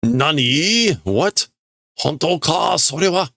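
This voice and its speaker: A man voicing an alarmed male guard who raises the alarm in an urgent, loud voice while reading manga dialogue aloud. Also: fairly high pitch, animated, slow pace, gravelly, no echo, clean studio sound, pitched above the performer's own voice, full character voice. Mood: startled.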